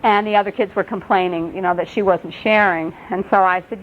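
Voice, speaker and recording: A middle-aged woman gives a parenting workshop, telling stories in a gentle, earnest way. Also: medium pitch, a little fast, hardly any pauses. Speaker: workshop presenter. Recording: dull lo-fi webcast audio, faint noise.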